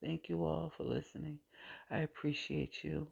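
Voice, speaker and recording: Woman, faith testimony, mellow dark tone, husky, emotional, halting, repeats herself. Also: low-pitched, flat delivery. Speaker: podcast host. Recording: dull lo-fi recording.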